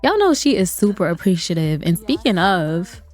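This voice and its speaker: A woman's voice: lowish voice, big pitch swings, moderate pace, darkish tone. Chatty woman narrating a life-sim game. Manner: chatty, laughs often, talks to viewers. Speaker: gaming video creator. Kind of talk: let's play commentary. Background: faint game music.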